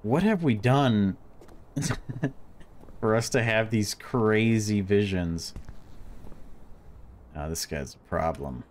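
A man's voice: fairly low pitch, lively intonation, takes it slowly, long pauses, slight background noise. A man giving let's-play commentary on a horror game, jumpy and reactive, swearing when startled. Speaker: gaming YouTuber.

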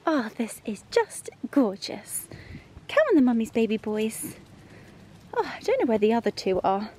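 A woman's voice: on the high side, sing-song, normal speed, dark tone. Gushing woman vlogging. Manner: gushing, affectionate, chatty. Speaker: lifestyle vlogger. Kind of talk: casual vlog chat to camera.

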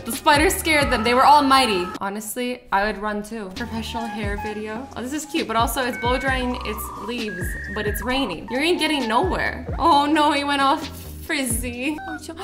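Bubbly high-voiced young woman reacting. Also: moderate pace, over music. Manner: bubbly, exclaiming, playful. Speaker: YouTube host. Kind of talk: reaction commentary.

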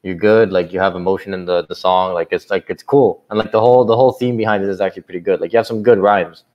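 A man talks casually and fast, stacking filler words and restarting his sentences as he gives a friend notes. His voice sits on the lower side. It comes through a dull, lo-fi call line. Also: steady tone, darkish tone. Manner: rambling, frequent fillers and restarts. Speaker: friend giving feedback. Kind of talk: casual chat. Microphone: online call mic. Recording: muffled lo-fi call audio.

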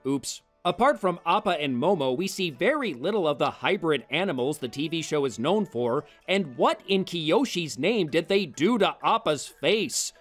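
A man's voice: fairly high pitch, fairly bright tone. A man reading a scripted film review in a sarcastic, exasperated way.

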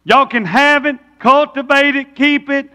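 Pastor doing God as a generous father, slow, emphatic, bright and high, long echo. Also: steady tone, heavily acted. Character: generous divine father giving a command.

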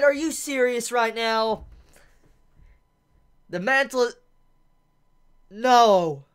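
Excitable woman reacting with drawn-out exclamations. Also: a little high, clean tone. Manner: excitable, swears, keeps exclaiming yo and dude. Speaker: anime reaction host. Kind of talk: live reaction commentary.

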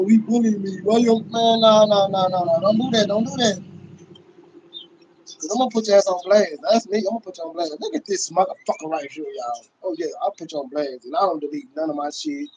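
A man on a casual livestream, ranting in a loud, profane, boisterous way and laughing often. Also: sits high, a little hiss or hum, low-quality recording.

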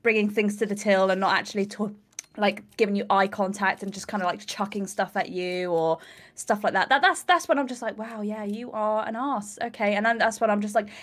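A young woman from Britain co-hosting a gaming livestream, chatting casually, giggly and quick to act out little scenes in funny voices. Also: mid-range voice. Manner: chatty, giggly, lively storytelling with put-on voices. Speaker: stream co-host. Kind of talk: casual chat while gaming.

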